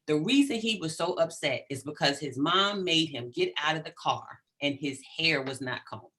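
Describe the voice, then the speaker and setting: Animated, emphatic middle-aged woman. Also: sits low, moderate pace. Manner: animated, emphatic, frequent "right?". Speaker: psychologist guest. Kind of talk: conversational interview.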